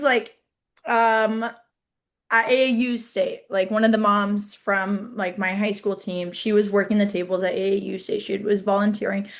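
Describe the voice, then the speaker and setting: A young woman from Iowa, a head wrestling coach, chatting casually as a guest and saying "like" a lot. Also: medium pitch. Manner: chatty, heavy use of "like". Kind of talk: casual interview chat.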